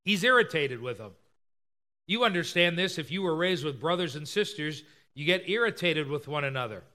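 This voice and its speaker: Bright high-voiced male preacher. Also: expressive, moderate pace. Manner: expository preaching, acts out quoted voices. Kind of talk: sermon.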